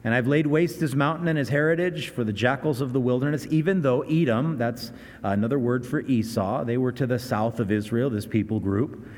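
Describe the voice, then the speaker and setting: A male pastor preaches in an earnest, conversational way, circling back to restart his phrases. His voice sits at an average pitch. The sound carries the long reverb of a church hall. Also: brisk, a little mellow. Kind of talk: sermon.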